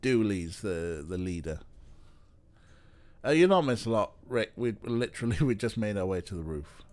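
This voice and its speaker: A man's voice: fairly low pitch, lively intonation, moderate pace, darkish tone. A man streaming a point-and-click game, chatting wryly and casually with viewers and trailing off with fillers. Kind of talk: casual let's-play commentary.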